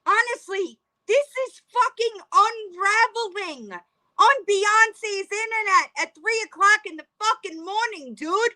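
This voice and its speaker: A woman's voice: very high-pitched, measured pace, pushed and bright. A woman reacting on a live stream, sarcastic, incredulous and profane.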